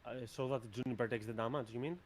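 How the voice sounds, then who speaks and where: A man running a tabletop role-playing game as game master, narrating the action in a relaxed, brisk way. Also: mid-range voice, slight background noise.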